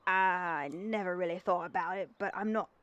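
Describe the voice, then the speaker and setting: A woman's voice: on the low side, brisk, fairly bright tone, no echo, dull audio, lightly acted. A woman doing a haggling old fisherman. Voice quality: put-on accent that keeps shifting.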